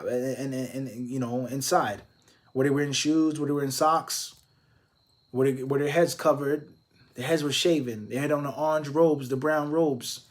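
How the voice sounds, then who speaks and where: A man with a fairly high voice answers viewers' religious questions in a live Q&A. He explains step by step and drops in Arabic phrases. When he makes a point he presses it with one rhetorical question after another. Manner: emphatic, stacking rhetorical questions.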